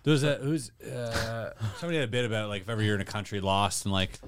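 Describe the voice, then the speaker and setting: A man's voice: on the low side, fast, a little hiss or hum. A man co-hosting a comedy podcast, chatting in an easygoing, agreeable way. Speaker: podcast co-host. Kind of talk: casual comedy podcast chat.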